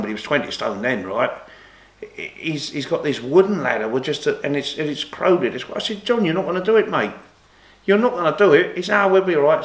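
A former boxer and golfer, appearing as an interview guest, tells long, rambling stories with many restarts and livens up whenever he quotes other people. His voice is medium-pitched and a bit bright, with a reverberant sound.

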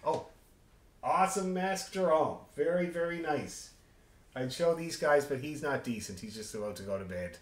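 A man's voice: on the high side, expressive, normal speed, a little hiss or hum. A man leading an online music rehearsal, chatting casually and telling rambling, joking stories. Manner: rambling storyteller, friendly and joking. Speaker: orchestra leader. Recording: echoey room.

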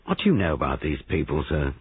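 A man doing Sergeant Trotter, brisk and formal. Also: extremely low pitch, wildly swooping pitch, husky, dry recording, full character voice. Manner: persistent and formal. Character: brisk police sergeant investigating a murder. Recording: tinny band-limited recording.

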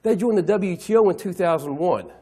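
Middle-aged male keynote speaker, husky and animated, plays to the room. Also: sits high, fairly quick. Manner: animated, acts out clients' voices, asks the audience questions. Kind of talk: lively keynote talk to an audience.

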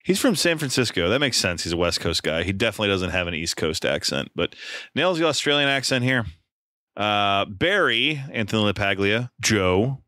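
A man's voice: fairly low pitch, big pitch swings, normal speed, pushed and bright, no echo, studio quality. A man co-hosting a casual film podcast, chatting and reading out a plot summary. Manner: conversational, reads plot summary aloud. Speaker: podcast co-host.

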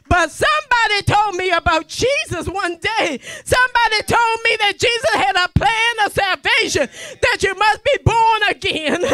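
A woman evangelist preaching a fervent sermon, often shouting and exclaiming hallelujah. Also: very high voice, no room sound.

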